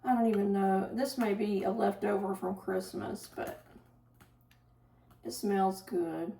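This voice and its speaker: A woman's voice: mid-range voice, fairly even intonation, unhurried, gravelly, dark tone. A middle-aged woman, rambling casually through a home vlog in her living room and often trailing off to start over. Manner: rambling, chatty, trails off and restarts. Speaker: vlogger.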